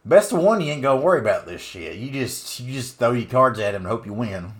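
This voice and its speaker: A man's voice: medium pitch, sing-song, brisk, close to an everyday voice. A man putting on a drawling Southern good ol' boy. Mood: folksy. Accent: put-on Southern US. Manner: drawling, hollering, swearing exclamations. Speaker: card game streamer. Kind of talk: gameplay commentary.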